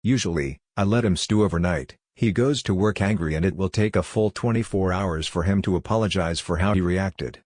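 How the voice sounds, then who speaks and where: A man with a very low voice reads a web post aloud in the first person. His delivery is plain and steady, and the sound is close and dry. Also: fairly quick, few pauses, no echo. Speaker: narrator.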